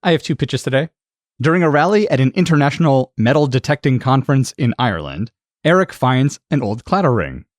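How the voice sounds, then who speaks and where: Male podcast host, animated delivery, dry close sound, chatty. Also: medium pitch, fairly quick, dry recording. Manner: laughs often, chatty. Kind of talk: casual chat.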